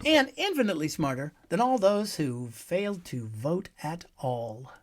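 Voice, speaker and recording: A male host rants through a scripted political monologue with sarcasm and name-calling, lurching from loud outbursts to hushed asides. His high voice swings hugely in pitch at a normal speed.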